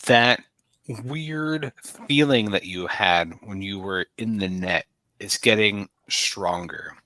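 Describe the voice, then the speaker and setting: A man narrates a tabletop role-playing game as its game master, painting scenes in vivid detail. His voice is fairly low but bright and forceful. The sound is close and dry, with no room behind it. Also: slow, dry recording, poor audio. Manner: descriptive, evocative narration.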